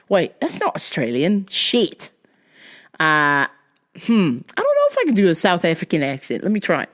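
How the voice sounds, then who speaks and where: A woman's voice: on the low side, normal speed. A woman hosting a comedy podcast, telling stories with lots of swearing and frequent laughter. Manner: profane, laughs often, animated storytelling. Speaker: podcast host.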